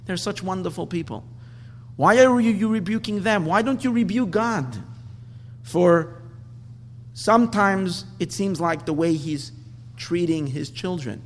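A man's voice: a little high, big-room sound, slight background noise. A man quoting an indignant old holy sage. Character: indignant old male holy sage defending simple villagers.

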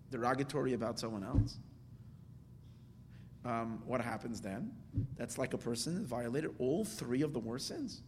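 A man leads a Hasidic text class in an emphatic way, jumping into sudden high bursts and dropping into soft asides. His voice sits a little high. The recording rings with a long hall reverb over a faint low rumble. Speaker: Torah teacher.

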